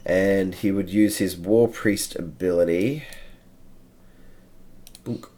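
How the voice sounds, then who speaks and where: A man's voice: deep voice, fairly even intonation, measured pace, warm tone. A man running a tabletop game as game master, narrating the action and counting out moves step by step.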